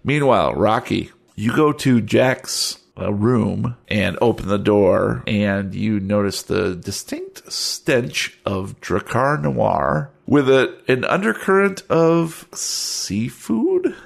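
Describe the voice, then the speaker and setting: A man narrating as game master of a tabletop game, in a descriptive, measured way. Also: lowish voice, animated, creaky.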